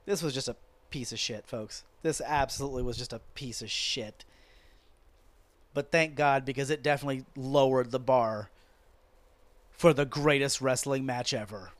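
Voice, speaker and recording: A man hosting a podcast, ranting sarcastically and profanely about wrestling in a casual, animated way. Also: mid-range voice, normal speed, dry recording. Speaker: podcast host.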